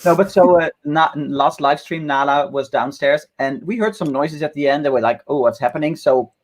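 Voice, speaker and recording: Husky man chatting on a live stream. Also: fairly high pitch, normal speed. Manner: relaxed storyteller, laughs easily. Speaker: guest YouTuber. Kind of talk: casual chat on a live stream.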